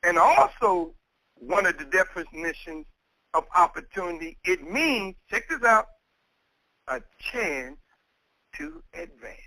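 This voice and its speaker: A man preaching with a very high, lively voice that rises and falls as he presses each point home. His sound is bright and edgy, recorded close and dry. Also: slow pace, long pauses, dry recording, poor audio. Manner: emphatic, repetitive preaching cadence. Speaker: minister. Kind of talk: sermon.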